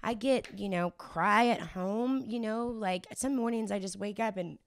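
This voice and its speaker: A young woman, a singer-songwriter guest on a casual interview podcast, telling her story in an animated way, laughing often and echoing the host's words. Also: mid-range voice, measured pace.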